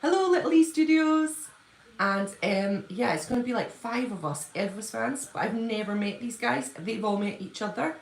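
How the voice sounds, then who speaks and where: A woman chatting on a home live stream, bubbly and quick to gush and laugh. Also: on the high side, animated, vocal fry. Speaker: livestreaming fan-channel host. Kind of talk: casual live-stream chat. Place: at home, indoors. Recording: echoey room.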